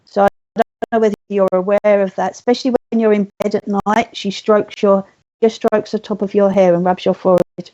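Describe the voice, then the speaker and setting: A woman working as a spiritualist medium, gently passing on messages in a live online reading, speaking softly and slowly. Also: mid-range voice, fairly even intonation, muffled recording.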